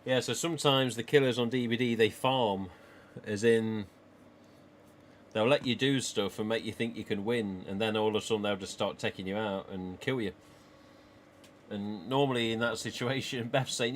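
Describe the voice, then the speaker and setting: A man's voice: lowish voice, steady tone, moderate pace, slight background noise. A man with an English East Midlands accent, live streaming from a small home office and chatting casually with viewers in a rambling way, laughing often.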